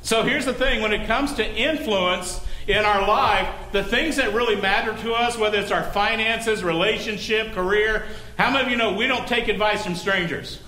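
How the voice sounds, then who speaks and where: A man's voice: sits high, normal speed, pushed and bright. A male pastor preaching a sermon in a conversational way, often asking the congregation questions.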